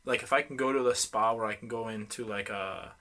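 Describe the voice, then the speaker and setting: A man's voice: fairly low pitch, steady tone, a little fast, pushed and bright. A man in his thirties from Western New York, co-hosting a casual podcast and telling loose, profane stories. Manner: loose and profane, acts out stories with quoted voices. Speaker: podcast co-host. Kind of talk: casual chat.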